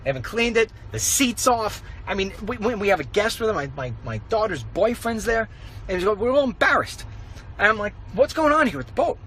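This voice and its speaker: A middle-aged man, a conservative radio host, rambles through an animated walk-and-talk vlog, telling stories and ranting. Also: high voice, brisk, slight background noise, rough recording. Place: outdoors, walking.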